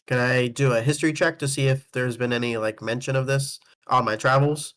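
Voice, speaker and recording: A player at a tabletop game session talks in a casual way and laughs easily between turns. The voice sits at an ordinary middle pitch. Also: fairly even intonation, a little fast, fairly bright tone. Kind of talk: tabletop role-play.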